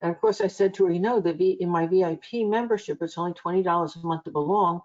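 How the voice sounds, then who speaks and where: A woman's voice: fairly low pitch, quick pace, a little mellow, highs cut off. A woman hosting a live online psychic reading show, talking in a chatty, rambling way with many restarts. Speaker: psychic reader and show host.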